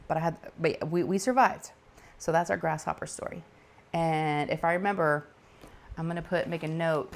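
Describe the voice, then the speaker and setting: Crafting host, woman, middle-aged, lively chatty storyteller who does the voices. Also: fairly low pitch. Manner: animated, laughing, acts out quoted voices. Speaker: diamond painting channel host. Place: home craft table.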